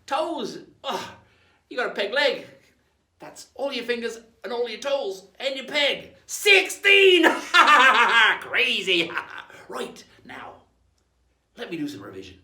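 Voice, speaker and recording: A man with an Australian accent playing a pirate captain for kids, laughing often and leading call-and-response shouts in a playful lesson aboard a ship. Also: very high-pitched, big pitch swings, a little slow. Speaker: pirate-themed children's presenter. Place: aboard an old sailing ship in a harbour. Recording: echoey sound from a distant mic.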